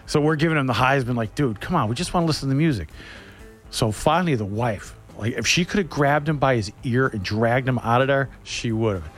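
A man's voice: mid-range voice, fairly quick, faint music behind. A man on the radio, telling a rambling funny story in a casual chat style, joking and laughing as he goes. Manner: animated, laughing, jokey storyteller.

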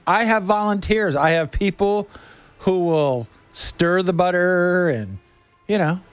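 A man hosting a show, telling loose, crude, joking stories in a casual monologue. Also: on the high side. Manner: loose storytelling, crude humor. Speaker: radio host.

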